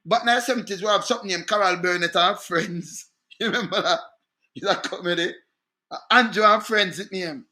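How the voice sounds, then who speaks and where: High, bright-voiced Jamaican man ranting. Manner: indignant, repeats "Eh?" and "man". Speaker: online commentator. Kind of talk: animated political rant.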